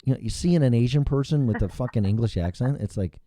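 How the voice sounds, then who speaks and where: A man's voice: mid-range voice, lively intonation, fast talker, dark tone, dry recording. Blunt, rambling male talk host. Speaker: morning show host. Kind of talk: casual chat.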